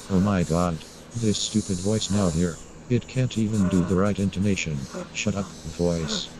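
A man voicing a foul-mouthed young non-human inventor in an animated short, blunt and agitated. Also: low voice, background noise. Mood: irritated. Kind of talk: indie animated short film acting.

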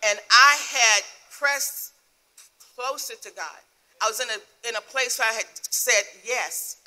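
A middle-aged woman, a guest minister, telling an emotional personal testimony in a sermon with soft laughs. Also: on the high side.

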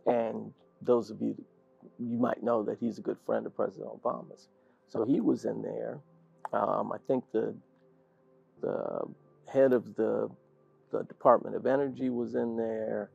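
An older man, a guest in an interview, telling an animated story and laughing often. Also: fairly low pitch, measured pace, gravelly, breathy edge, soft background music. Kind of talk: storytelling anecdote in conversation. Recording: dull lo-fi sound.

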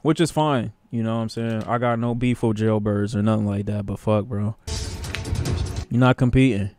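A man streaming live, reacting to TV clips with animated, profane commentary and bursts of laughter. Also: fairly low pitch, moderate pace, faint music behind.

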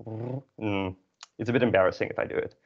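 Young Dutch-accented male tutor, a bit low-pitched, self-deprecating explainer, dull lo-fi recording. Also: steady tone, brisk, slightly rough. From Netherlands. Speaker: language teacher. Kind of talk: online beginner language lesson. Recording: dull lo-fi audio.

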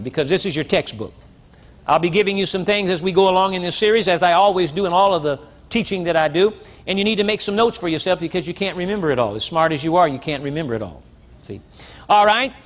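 An older man preaching a sermon, reading scripture slowly and with emphasis and asking his congregation questions, on a dull lo-fi recording. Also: high voice, a bit bright. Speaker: pastor.

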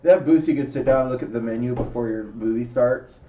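A man's voice: mid-range voice, quick pace, slight background noise. Profane storytelling man, roomy mic. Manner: animated, profane, acts out quotes. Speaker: podcast co-host. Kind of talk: casual storytelling chat. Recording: roomy, distant, dull lo-fi mic.

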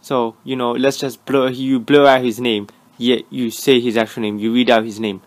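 A man's voice: medium pitch, flat delivery, normal speed. A young man giving sarcastic, mocking reaction commentary. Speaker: reaction YouTuber.

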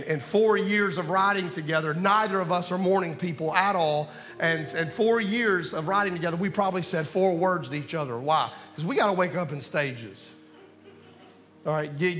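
In a sermon, a pastor swings animatedly between loud calls and quiet asides. His high, bright voice rings through a reverberant hall over faint music.

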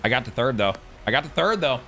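A man giving excitable live commentary on his own gameplay, swearing freely and yelling at big plays. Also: mid-range voice, quick pace, soft background music. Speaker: gaming YouTuber.

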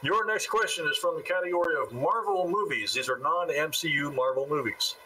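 A man's voice: on the high side, a little fast, bright, forceful tone, far from the mic, a little hiss or hum, poor audio. A man hosting a movie trivia contest, reading questions, counting down and making wry asides. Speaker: trivia game host.

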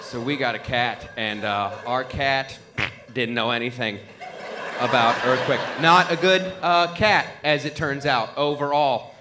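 A male stand-up comedian telling a story with lively, animated delivery and laughing asides. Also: medium pitch, a little slow, background noise. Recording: live club recording.

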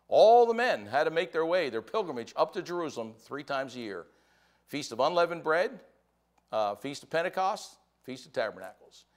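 An older American man delivers a sermon in a folksy storytelling way. His voice sits a little high for a man and leaps up and down constantly, rising sharply whenever he gets excited. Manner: folksy storytelling with lively swings in pitch and volume. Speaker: pastor.

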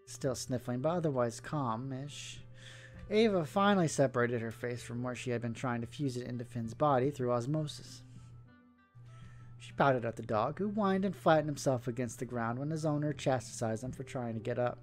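A man's voice: medium pitch, a little fast, soft background music. A man reading a story aloud, slipping in casual asides between the narration. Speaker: story reader.

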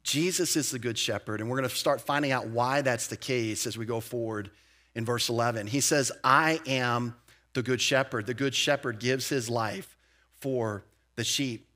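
A man preaching a verse-by-verse sermon as a pastor, conversational with animated emphasis, asides and quick restarts. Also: mid-range voice. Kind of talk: expository sermon. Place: church.

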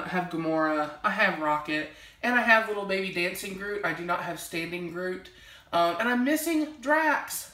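In a home library with reverberant sound, a young vlogger with a medium-pitched, slightly bright voice casually shows her collection on camera. She gushes over it and rambles, using many fillers.

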